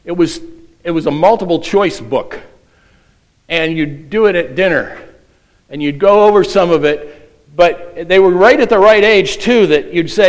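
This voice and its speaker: A man's voice: fairly high pitch, moderate pace, rough recording. A middle-aged man preaching a sermon, reading a children's quiz aloud with playful voices. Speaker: pastor.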